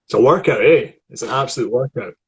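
A voice coach guides a student through a vocal warm-up of tongue and articulation exercises, demonstrating the sounds himself. He speaks fast at a medium pitch with a breathy edge, and the audio is poor.

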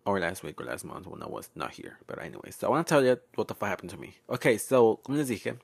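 A young man hosts his podcast alone, telling stories in a sassy, profane way. His pitch swings widely as he talks. He laughs often and drops fillers between sentences. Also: big pitch swings, quick pace, creaky, husky. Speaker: podcast host. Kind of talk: casual storytelling monologue.

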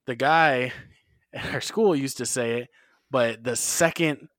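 A podcast co-host with a medium-pitched, slightly bright voice speaks at a measured pace. He tells rambling stories in a relaxed chat and swears freely, captured in clean studio sound with no echo.

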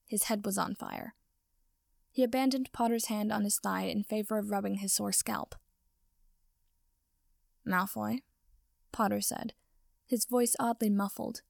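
A woman reading fan fiction aloud in steady, even narration. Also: mid-range voice, vocal fry, no echo, clean studio sound. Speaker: reader.

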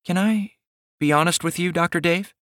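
A bashful young woman of about thirty , as a male narrator puts her on, speaks with a soft, breathy drawl, her voice lifted well above his own. She hesitates before her words, as in a storybook read aloud. The sound is close and dry. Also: high-pitched, moderate pace, dry recording, voice pushed up. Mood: hesitant. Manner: hesitant and shy. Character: shy sweet young woman caller, 29. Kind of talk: audiobook narration.

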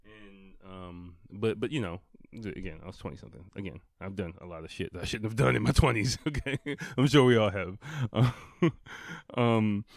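A man in his thirties rambles through a story with a lowish voice, swearing freely and laughing as he goes. The sound is dry, with no room echo. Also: moderate pace, gravelly. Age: 30s. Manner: rambling and profane, with frequent laughs and fillers. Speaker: vlogger. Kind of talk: casual storytelling.

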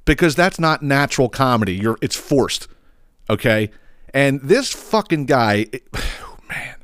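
A man rants casually while hosting his own podcast, his low voice carrying a fairly bright tone. He sounds blunt, profane and exasperated. The recording is dry and close, with no surrounding room sound.

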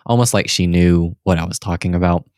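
A young man with a low, deep voice tells a story on a casual podcast and acts out the people in it. The sound is close and dry, with no room echo. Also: a little fast. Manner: animated storyteller who acts out the people in his stories. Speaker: podcast co-host. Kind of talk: casual chat.

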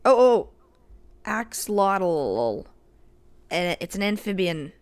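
Slow-talking woman with a smooth voice. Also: mid-range voice, fairly bright tone. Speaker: podcast co-host. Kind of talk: casual chat.

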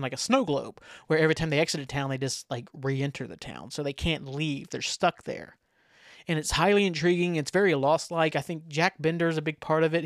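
A man's voice: on the high side, no room sound, studio quality. A man hosting a podcast, chatting casually and rambling with lots of filler words and frequent laughs. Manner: laughs while telling. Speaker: podcast host. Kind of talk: casual chat.

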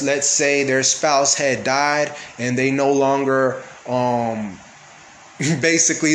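Man, Bible teacher, slow and measured, keeps asking "all right?", roomy echo, faint background hum. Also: mid-range voice, a bit bright. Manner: explains slowly, checks in with listeners often. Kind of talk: casual Bible study teaching. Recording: echoey room with faint background noise.

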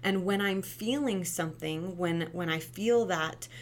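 Young mom, lower register, earnest chatty monologue with "right?" tags. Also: female voice, unhurried. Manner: earnest, chatty, frequent "right?" tag questions. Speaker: mother sharing parenting advice. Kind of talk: casual monologue.

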